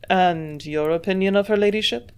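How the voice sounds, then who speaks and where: An earnest young doctor in a storybook reading, voiced by a woman in her own tone. He asks plain, curious questions at a middling pitch, with little change from the narration. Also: moderate pace, smooth, natural voice.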